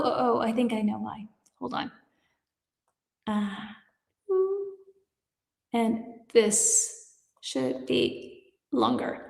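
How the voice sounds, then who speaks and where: A woman's voice: high-pitched, darkish tone. Woman, English teacher, live lesson, chatty, upbeat, long reverb. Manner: chatty, upbeat, laughs at her own slips. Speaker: English teacher and livestream host. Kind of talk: live-streamed English lesson, reading viewer chat. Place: home studio, lives in Germany.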